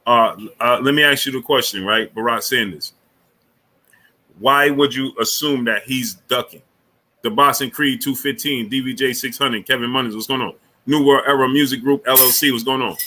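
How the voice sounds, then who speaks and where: A man with a very bright, sharp-edged voice hosts a casual sports livestream. He greets chatters one after another and leans on fillers and repeated phrases. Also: medium pitch, steady tone, moderate pace. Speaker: livestream sports show host. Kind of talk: casual live chat reading viewer names.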